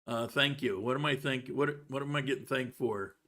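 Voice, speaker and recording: A man's voice: mid-range voice, moderate pace, fairly bright tone. Chatty man rambling on a live stream. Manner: rambling, chatty, with frequent restarts; talks while eating. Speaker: livestream host. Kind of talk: casual livestream chat. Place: home in Colombia.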